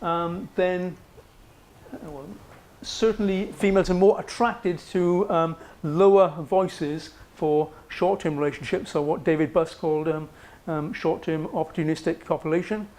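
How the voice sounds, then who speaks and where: A man's voice: on the high side, steady tone, unhurried, darkish tone. A man giving a university psychology lecture in a conversational way, often checking in with "okay" and fillers. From Wales. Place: lecture room.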